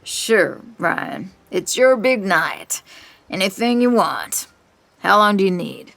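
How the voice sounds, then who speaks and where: A woman's voice: lowish voice, takes it slowly, gravelly, fairly bright tone, dry recording, exaggerated voice. A woman voicing a rude, chain-smoking middle-aged former cop who talks curtly and grudgingly. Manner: curt, grudging.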